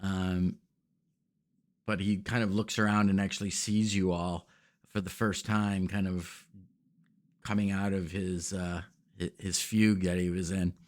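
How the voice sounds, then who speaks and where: A man narrating as game master, relaxed and rambling with frequent fillers. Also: sits low, unhurried, pauses often.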